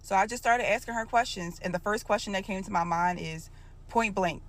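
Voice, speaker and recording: A woman casually telling a personal story to her viewers, animated and colloquial, acting out the dialogue. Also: mid-range voice, a little fast. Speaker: storytime creator.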